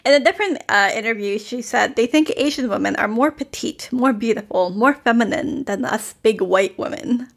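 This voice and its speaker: This podcast co-host speaks with a fairly high pitch and some vocal fry. Her casual critique of a TV show is chatty, dotted with quick laughs and a steady stream of "like" fillers.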